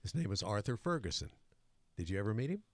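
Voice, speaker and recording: A man's voice: lowish voice, big pitch swings, quick pace. A man appearing as a guest, a former radio program director, chatting and reminiscing in a radio studio. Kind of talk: casual radio studio chat.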